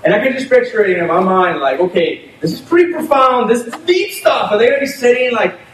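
High-voiced man preaching in an echoey room. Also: brisk. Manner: animated, conversational preaching with laughs. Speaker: pastor. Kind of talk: sermon. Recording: echoey room, mic at a distance, faint noise.

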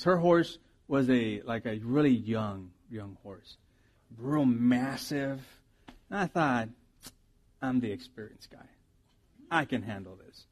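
This sermon comes from a middle-aged male pastor whose fairly high-pitched voice carries animated stories. He moves back and forth between soft asides and loud bursts.

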